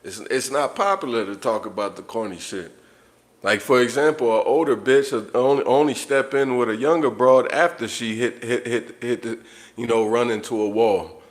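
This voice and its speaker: A man's voice: medium pitch, normal speed. A man talking straight to his viewers in an unscripted livestream monologue, blunt, profane and repeating himself as he rants. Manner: blunt, profane, repetitive ranting. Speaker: livestream host.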